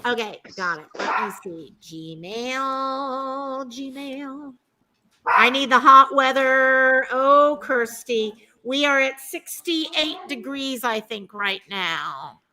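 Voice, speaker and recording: A woman's voice: lively intonation, takes it slowly, sharp tone, slight background noise. A woman hosting a casual livestream chat from home, talking to viewers and her pets. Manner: chatty, talks to her pets in a high sing-song voice. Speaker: livestream host.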